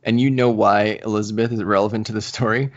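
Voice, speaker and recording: A man co-hosting a podcast in casual chat, recapping a story with animated retellings and quotes. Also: on the low side, quick pace, highs cut off. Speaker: podcast co-host.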